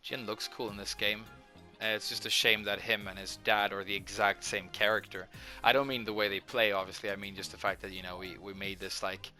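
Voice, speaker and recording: A man with a hoarse voice, rambling casually as a gaming video host and hesitating often. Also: lowish voice, flat delivery, a little fast, bright, forceful tone, soft background music. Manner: hesitant, lots of filler words.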